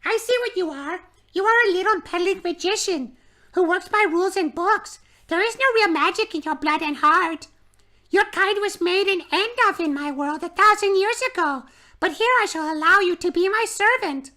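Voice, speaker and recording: A man's voice: very high voice, moderate pace, pushed and bright, voice pushed up. A man voicing a cruel, imperious witch queen in a storybook read-aloud, speaking scornfully and with command.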